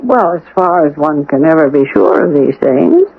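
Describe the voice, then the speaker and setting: A prim, lecturing manservant. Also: male voice, fairly high pitch, expressive, gravelly, breathy edge, full character voice. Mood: soothing, lecturing. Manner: measured, condescending, lecturing. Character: prim, formal man in a rich man's household, a servant. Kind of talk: 1970s radio drama acting. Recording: lo-fi old radio broadcast.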